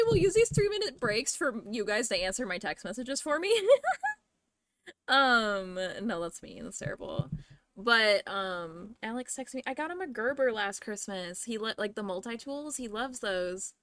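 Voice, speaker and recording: A young woman with a bright, clear voice chats away on her live stream, bubbly and slangy. She rambles between thoughts and fills the gaps with ums as she plays a game. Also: on the high side, lively intonation, moderate pace, no echo. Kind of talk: casual live-stream chat while gaming.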